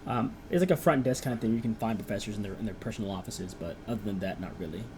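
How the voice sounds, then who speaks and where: A man's voice: on the low side, very fast, a little mellow, slight background noise, rough recording. A young man acting as game master, rambling through descriptions and encouraging his players. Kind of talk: narrating a tabletop game.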